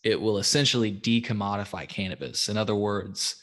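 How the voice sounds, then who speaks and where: A man's voice: fairly low pitch, steady tone, a little fast, fairly bright tone. A man hosting a podcast in casual chat, laid-back, swearing freely and filling with "um" and "like". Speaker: podcast host.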